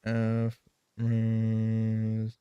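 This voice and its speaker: A man's voice: lowish voice, monotone, drawn-out words, clear, resonant tone, dry recording, lo-fi sound. Man, game streamer, casual rambling chat, heavy swearing, frequent laughs, dry close sound. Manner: profane, loose and rambling, laughing often.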